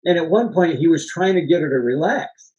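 On a muffled recording, a fairly high-pitched man speaks fairly quickly and animatedly in a darkish tone. He's co-hosting a relaxed movie-discussion podcast, telling wandering behind-the-scenes stories, laughing often and cursing occasionally.

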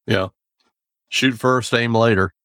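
A man's voice: medium pitch, steady tone, takes it slowly, a bit bright, no echo, clean studio sound. A man hosting a podcast interview, easygoing and asking short questions. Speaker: podcast host.

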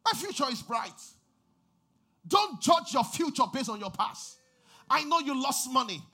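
Man, pastor preaching, very high voice, bright tense tone, shouting and sing-song. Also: sing-song, a little slow. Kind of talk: sermon.

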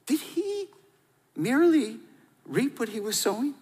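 Lively preaching man in a reverberant hall. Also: very high-pitched, unhurried, slightly rough. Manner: lively, conversational, with audience call-and-response. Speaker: pastor. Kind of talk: sermon.

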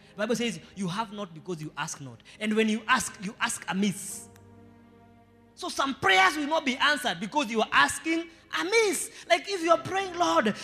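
A high, bright-voiced Kenyan man preaching a sermon, climbing into shouted emphasis and playful asides. His voice rings out through a reverberant church hall with faint music underneath. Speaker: pastor.

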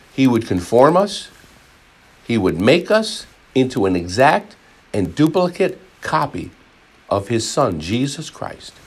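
A man's voice: medium pitch, slightly rough. A man preaching a sermon, rambling with frequent repeats and restarts, and acting out voices in his examples. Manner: animated, acts out crowd voices.

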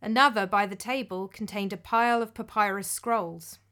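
Bright-voiced woman narrating a story. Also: mid-range voice, steady tone, moderate pace.

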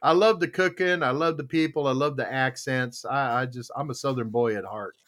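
A man's voice: medium pitch, a little fast. A man hosting a casual chat show, joking and teasing his guests. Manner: playful, jokey, animated. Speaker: show host.

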